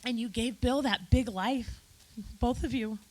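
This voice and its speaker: Woman giving a heartfelt eulogy, gushing and teary, kinda high pitched. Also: measured pace, a little mellow, low-quality recording. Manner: tearful, effusive, talks straight to friends in the room. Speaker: eulogy speaker. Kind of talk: emotional memorial speech. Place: memorial gathering in a hotel.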